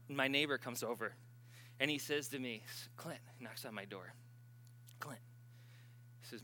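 A middle-aged man preaching, telling a healing story with loud exhortations and hushed retold dialogue. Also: mid-range voice. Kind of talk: sermon storytelling.

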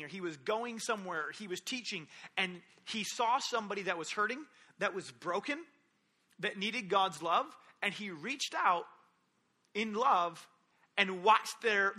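A man's voice: high voice, pushed and bright. A young man preaching a sermon, retelling stories animatedly and acting out the quotes.

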